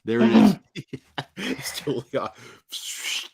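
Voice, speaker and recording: A man co-hosts a relaxed movie podcast, laughing often and dropping casual swears. His voice swings lively up and down as he recalls favorite scenes. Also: high voice, slow pace, vocal fry, breathy edge. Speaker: podcast co-host. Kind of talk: casual movie review chat.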